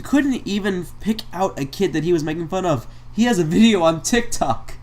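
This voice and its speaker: A man's voice: high-pitched, animated, normal speed, few pauses. A man giving comedic reaction commentary on a video, sarcastic and mock-exasperated, laughing between lines. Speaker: commentary YouTuber.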